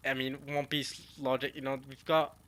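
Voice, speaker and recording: A young man giving casual, excitable reaction commentary on a manga chapter, slangy and full of restarts. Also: medium pitch, moderate pace.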